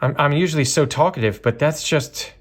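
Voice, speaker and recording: A man giving casual, chatty commentary while opening a box of trading cards, with lots of fillers and bursts of excitement. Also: a little high, brisk. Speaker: card breaker.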